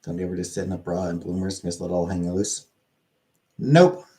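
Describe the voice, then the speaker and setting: A man's voice: deep voice, fairly even intonation, fairly quick, dark tone. A Canadian man with a Canadian accent, hosting a casual streamed chat in a rambling, joking way with frequent fillers. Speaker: streamer host.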